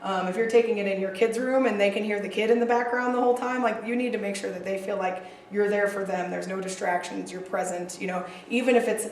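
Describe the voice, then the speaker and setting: A woman teaching counseling skills to a group, chatty and animated with frequent fillers and asides. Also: mid-range voice, quick pace, few pauses, slight background noise. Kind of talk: casual training lecture. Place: training room with a group. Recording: echoey room, distant mic.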